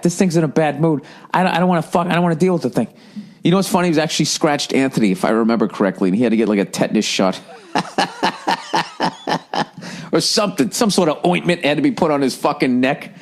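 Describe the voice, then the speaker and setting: A man in his forties from the United States, telling a profane, rambling story on a comedy podcast. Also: medium pitch. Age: 40s. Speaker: podcast host.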